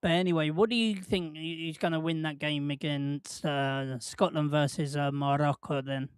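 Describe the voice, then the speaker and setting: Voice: medium pitch, steady tone, moderate pace, smooth, no echo, clean studio sound. A host, chatting casually on a live watch-along stream, rambling and jokey, laughing often and putting questions to the chat.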